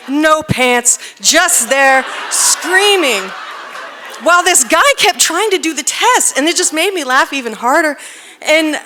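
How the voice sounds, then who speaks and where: A woman telling a personal story on stage, animated and self-deprecating, often laughing as she talks. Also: fairly high pitch, a little hiss or hum. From United States. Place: stage at a live storytelling event.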